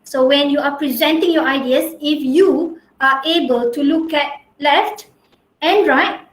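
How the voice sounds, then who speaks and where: A high-pitched young woman teaching an online class through a headset, chatty and teasing, often tagging her sentences with "huh?". Her voice rings in an echoey room at home. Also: measured pace. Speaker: lecturer. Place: home in a rural area.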